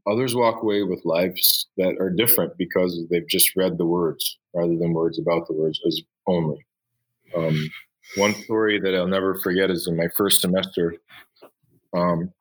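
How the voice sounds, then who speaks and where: A middle-aged man with a fairly low voice, speaking as a high school teacher in a conversational interview. He tells classroom stories with plenty of energy and often slips into voices for his students. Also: rough recording. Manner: enthusiastic storyteller, acts out voices.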